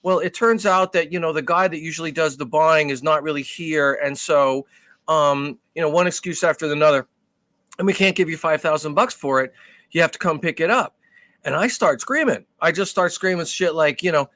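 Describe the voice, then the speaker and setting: A man co-hosting a podcast, telling a story in casual chat with animated, profane delivery. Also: fairly high pitch, moderate pace, no echo. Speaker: podcast co-host.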